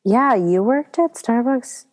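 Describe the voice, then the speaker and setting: A woman's voice: fairly high pitch, animated, slow pace, big-room sound, a crowd in the background. A young woman co-hosting a podcast, chatting casually and laughing often as she jokes. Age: young adult. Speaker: podcast co-host. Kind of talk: casual chat.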